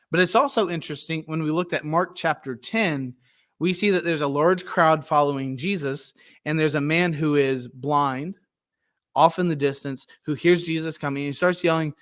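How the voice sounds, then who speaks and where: A male pastor giving a sermon in a conversational way, acting out Bible scenes with quick voices and asides. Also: on the high side, a bit bright.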